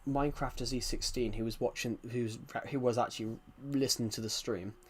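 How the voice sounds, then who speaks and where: A man's voice: mid-range voice, fairly even intonation, brisk. Rambling man with a West Country accent. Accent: West Country English. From rural England. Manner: rambling, repeats phrases, keeps addressing viewers as guys. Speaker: streamer. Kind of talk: casual live-stream chat.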